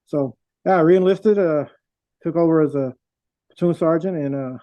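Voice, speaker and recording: A man's voice: fairly high pitch, moderate pace, dark tone, no room sound. A middle-aged man, a veteran guest, tells his stories in a casual, rambling way with many fillers and restarts. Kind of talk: casual storytelling. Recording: dull, dry lo-fi sound.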